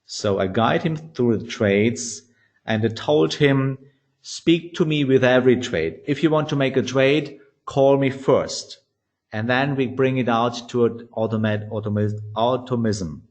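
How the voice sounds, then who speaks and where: A man's voice: medium pitch, measured pace. A man teaching trading, telling a blunt story with swearing and acted-out quotes in English. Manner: blunt, swears, animated, quotes others in shifting voices. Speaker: trading educator. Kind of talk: storytelling lecture.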